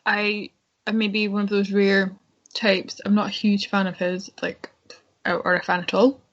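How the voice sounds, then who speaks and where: A woman's voice: mid-range voice, level tone, normal speed. A woman co-hosting a casual film discussion, chatty and frank, often restarting her sentences. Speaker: podcast co-host. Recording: dull lo-fi podcast audio.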